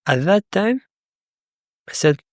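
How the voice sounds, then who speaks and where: Man, slightly high voice, dry close sound, unscripted motivational talk, tells stories and quizzes the audience. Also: big pitch swings, takes it slowly, darkish tone, no echo. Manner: rambling storytelling, asks the listener questions. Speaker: motivational speaker.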